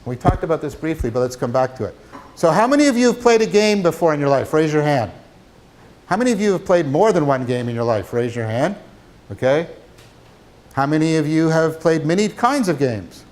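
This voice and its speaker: A man giving a university lecture, animated, asking his class questions as he talks. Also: fairly high pitch, a little fast. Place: lecture hall.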